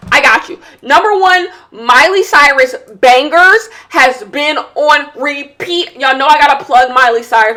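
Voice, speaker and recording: A high-pitched woman hosting a casual podcast, candid and full of slangy banter. She swings from loud, excited bursts down to quiet murmured asides as she talks while doing her makeup. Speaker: podcast host. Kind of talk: casual chat.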